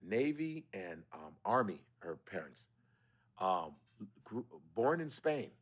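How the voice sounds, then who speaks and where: A man's voice: lowish voice, sing-song, slow, husky. A man who is a comedian, guesting on a podcast and talking in a laid-back, slangy, profane way. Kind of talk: casual chat.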